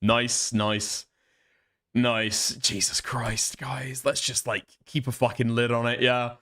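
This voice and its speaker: A man's voice: mid-range voice, little pitch movement, slow pace, a bit bright, smooth. A man streaming live, reacting to a clip with profane, exasperated commentary and laughing asides.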